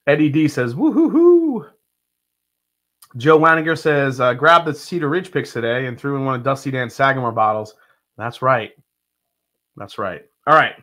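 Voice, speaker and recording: A man's voice: mid-range voice, steady tone, normal speed, bright, forceful tone. A man hosting a live bourbon tasting stream, chatting casually and reading viewer comments aloud with frequent laughs.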